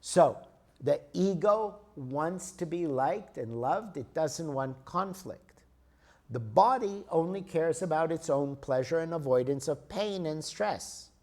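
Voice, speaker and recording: A man's voice: fairly high pitch, animated, slow, a little mellow. A man in his sixties giving a spiritual lecture, telling stories in a conversational way to explain his points. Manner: storytelling, conversational, explains with examples.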